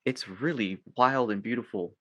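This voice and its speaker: A male podcast host who talks in a casual, reflective way and often pauses to search for words. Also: medium pitch, pushed and bright, no echo.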